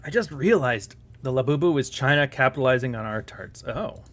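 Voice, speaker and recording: A man's voice: mid-range voice, expressive, a little fast, few pauses, pushed and bright. A man hosting a live stream, chatting casually in a profane, sarcastic and rambling way.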